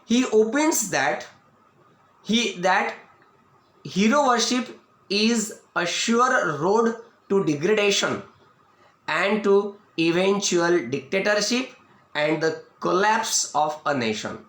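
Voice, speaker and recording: A man with an Indian English accent giving a video lecture as an English teacher, explaining slowly and restating each point. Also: sits high, expressive, a bit bright. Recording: echoey room.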